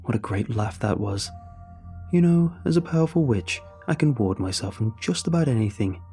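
A man's voice: medium pitch, lively intonation, moderate pace, dark tone, soft background music, lightly acted. A man voicing a smug, cruel middle-aged male witch who mocks his captives. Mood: gloating. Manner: mocking, theatrical, gloating.

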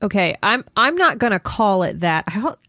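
A woman's voice: medium pitch, big pitch swings, normal speed, pushed and bright, no room sound, clean studio sound. A woman with a stuffy, nasal voice from a cold, co-hosting a casual podcast with a wry, slightly exasperated manner. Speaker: podcast co-host. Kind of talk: casual chat.

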